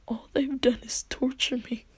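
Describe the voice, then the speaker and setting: A woman voicing a grieving nine-tailed fox spirit in a soft, hushed whisper while retelling a story. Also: sits high, fairly even intonation, unhurried, husky, no room sound, voice pushed up, full character voice. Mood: tearful.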